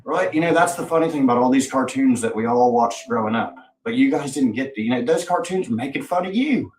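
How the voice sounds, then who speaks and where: A man's voice: mid-range voice, expressive, fast talker, a little mellow. Sarcastic man taunting from afar. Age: adult. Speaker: streamer. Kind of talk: mocking rant to chat. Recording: roomy, distant mic, faint noise.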